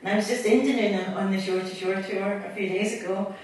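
A middle-aged Scottish woman poet speaks quickly at a medium pitch, her tone darkish and her intonation fairly even. Between poems at a reading, she chats and pokes fun at herself for a live audience in an event hall. The recording is echoey, with a distant mic and the audience faintly audible.

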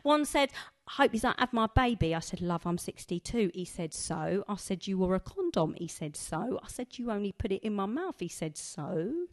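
A woman's voice: mid-range voice, very animated, moderate pace, lightly acted. A blunt, defiant woman of sixty-two, put on by a female poet, hits her lines hard and bawdy in a spoken-word performance. The tone is combative and unashamed.

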